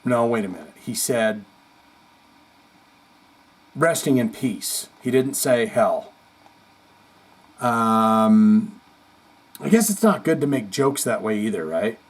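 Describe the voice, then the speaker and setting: A man's voice: on the low side, expressive, slow, pauses often, low-quality recording. A man hosting a casual podcast, reading viewer comments aloud with chatty, rambling asides. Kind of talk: casual chat.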